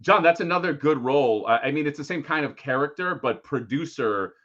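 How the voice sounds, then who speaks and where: A man in casual podcast chat, animated and laughing, often acting out other people's voices. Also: fairly high pitch, fairly quick, muffled recording. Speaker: co-host.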